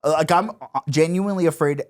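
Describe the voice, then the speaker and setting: A man's voice: fairly high pitch, a little fast. A man co-hosting a podcast in casual chat, giggly and swearing often. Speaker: podcast co-host.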